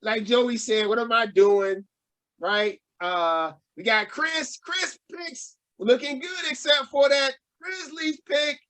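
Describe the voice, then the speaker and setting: A man's voice: extremely high pitch, slow pace, a bit bright. A man hosting a casual sports podcast, hyped and joking with his co-hosts and laughing often. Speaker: podcast host.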